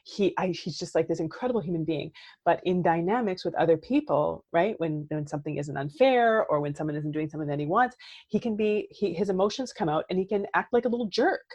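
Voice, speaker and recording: Woman in her thirties, lower voice, therapist-coach guest. Animated, conversational, keeps asking "right?". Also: quick pace, breathy edge. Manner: animated, says "right?" often, acts out quoted outbursts. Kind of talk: casual podcast conversation.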